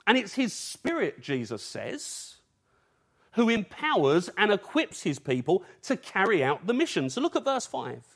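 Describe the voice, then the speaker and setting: A man's voice: sits high, wildly swooping pitch, measured pace, husky. A man from England preaching an evening sermon in an earnest, urgent way, using rhetorical questions.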